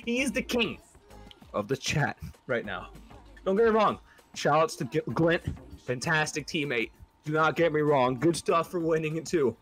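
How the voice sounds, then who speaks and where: A man giving excited live stream commentary on a fighting game tournament, exclamatory and quick to laugh. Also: fairly high pitch. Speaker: esports commentator.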